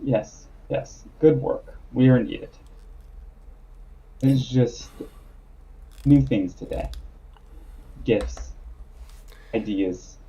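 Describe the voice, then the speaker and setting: A man playing a gentle, wistful tea shop worker. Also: mid-range voice, very slow, pauses often, lo-fi sound, slight background noise.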